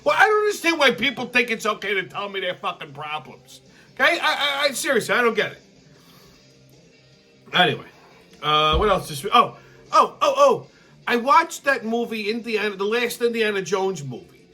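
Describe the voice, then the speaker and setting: Host, New man, bright sharp tone, profane rambling delivery, faint music underneath. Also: high-pitched, sing-song, normal speed. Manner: profane, rambling, with frequent restarts. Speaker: channel host. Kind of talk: casual vlog monologue.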